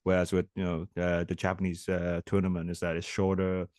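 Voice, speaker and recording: A man talking in a measured way in a casual podcast chat, often pausing on "uh" fillers. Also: deep voice, monotone, a little mellow, no echo, clean studio sound.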